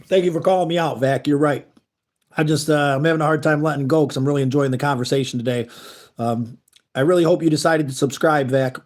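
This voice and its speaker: A man's voice: fairly high pitch, fast talker. A man hosting a casual livestream, talking earnestly and rambling as he reads and answers chat messages. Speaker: livestream host. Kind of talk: casual live-stream chat.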